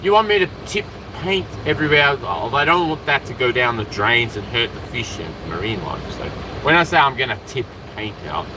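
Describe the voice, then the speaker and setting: Excitable Australian man outdoors by traffic. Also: mid-range voice, fairly quick. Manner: excitable, animated, jumps between topics. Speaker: vlogger. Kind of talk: rambling outdoor chat to camera. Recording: outdoor street noise, traffic behind.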